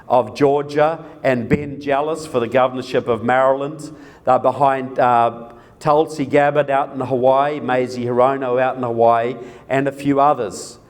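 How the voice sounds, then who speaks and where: A man giving a live presentation to an audience, speaking emphatically, repeating key words for effect and putting questions to the crowd. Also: medium pitch. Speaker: political speaker.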